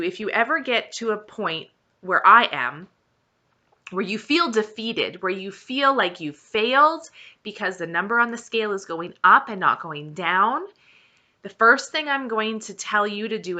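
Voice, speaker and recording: An emotional vlogger, almost in tears, talks slowly and earnestly to camera about her weight-loss journey. She has a medium-pitched, bright, forceful voice and encourages her audience, repeating things to underline them.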